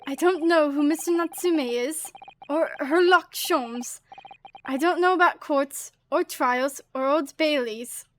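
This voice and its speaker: A woman's voice: high voice, slow, a bit bright, slight background noise. A woman voicing a melodramatic, gloomy young male writer with theatrical, despairing outbursts in a game. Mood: dazed.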